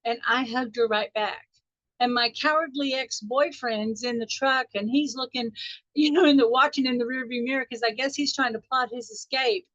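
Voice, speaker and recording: A woman's voice: a little high, moderate pace, fairly bright tone, no room sound, dull audio. A middle-aged woman from Texas, a spiritual teacher telling a chatty story on a group call. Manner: chatty, anecdotal, laughs often. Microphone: call audio.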